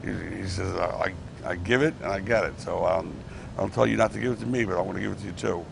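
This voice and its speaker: Gravelly low-voiced man spinning backstage yarns. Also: fast talker, background noise. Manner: rambling anecdotes with restarts, acts out quotes. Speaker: former wrestling promoter. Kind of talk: casual storytelling interview. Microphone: clip-on mic.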